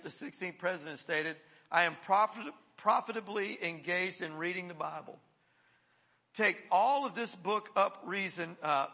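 A man preaching a sermon as pastor, reading historical quotations slowly and often restarting his sentences. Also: high voice, sharp tone.

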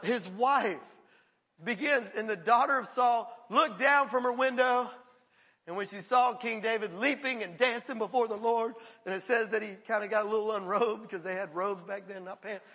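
Bright high-voiced preacher in a hall. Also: male voice, breathy edge. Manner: conversational, acts out quoted voices, laughs often. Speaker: pastor. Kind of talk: sermon.

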